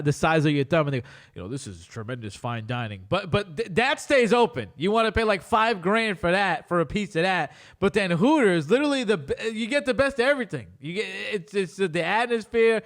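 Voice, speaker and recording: A young man with a slightly higher voice hosts a loose podcast conversation. He tells stories with animated, exaggerated energy and swears freely. His rants are mock-serious. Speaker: podcast host. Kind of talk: casual chat.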